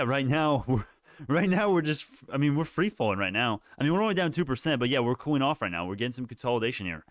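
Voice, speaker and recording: A man's voice: medium pitch, a bit bright, smooth, no room sound, clean studio sound. A man hosting a live stock market stream, commenting on price moves in a rambling way, often correcting himself mid-sentence and swearing now and then. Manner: rambling, self-correcting, profane. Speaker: livestream stock market host.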